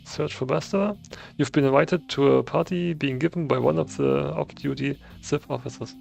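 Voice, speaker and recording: A man's voice: fairly high pitch, moderate pace, vocal fry, darkish tone, faint music behind. A man playing a video game, reading the dialogue choices aloud in casual commentary. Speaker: gameplay streamer. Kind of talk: casual let's-play commentary.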